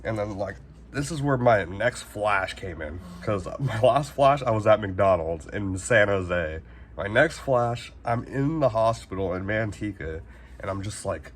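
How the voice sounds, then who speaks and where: A man's voice: on the low side, normal speed, a little hiss or hum. A man, telling a casual storytime in a rambling, slangy way, swearing freely and saying "like" constantly. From Northern California. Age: 20s. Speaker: vlogger.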